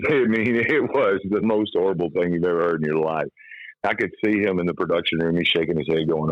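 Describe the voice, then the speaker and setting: A man's voice: low voice, a little fast, no room sound, highs cut off. A middle-aged man from Kentucky with a trained radio voice, telling stories casually in an interview. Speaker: guest, comic hypnotist and former radio DJ.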